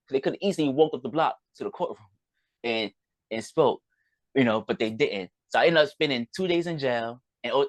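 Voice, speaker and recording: This podcast guest, a man with a medium-pitched voice recorded with no room sound, rambles through a personal story. He frequently acts out others' words, recounting events through quoted dialogue.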